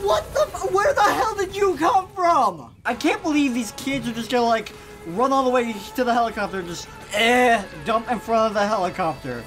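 A let's play gamer giving excitable commentary, swearing and yelling at the game. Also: medium pitch, normal speed, over music. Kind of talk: gameplay commentary.

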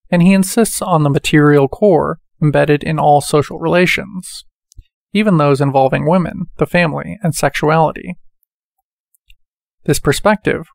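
Man, audiobook reader, slightly high voice, gravelly, dry close sound, measured pace. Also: dry recording. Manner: measured, reads quotations with quote marks spoken. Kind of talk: reading a book aloud.

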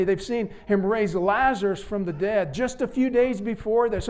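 Man, preacher, high voice, dramatic sermon, hushed then loud, church. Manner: dramatic, swings between hushed appeals and raised exclamations. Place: church sanctuary.

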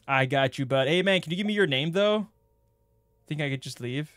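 A young man streaming a game playthrough, joking crudely and bursting into excited yelps. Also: on the high side, moderate pace, no room sound, studio quality. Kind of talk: gaming playthrough commentary.

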